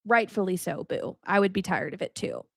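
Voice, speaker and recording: A woman's voice: lowish voice, animated, normal speed, vocal fry, fairly bright tone, no echo, studio quality. A woman hosting a podcast with a casual faith teaching, talking candidly and straight to the listener, swearing freely and speaking with emotion. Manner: talks straight to the listener, calls them honey. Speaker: podcast host.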